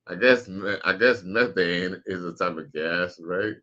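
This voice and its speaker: Man, very low voice, bright forceful tone, slangy loose stream chatter, slightly dull lo-fi audio. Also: a little slow. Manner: laid-back, slangy, profane, reads out chat messages. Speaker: streamer reacting to videos and chat. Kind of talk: casual live-stream commentary.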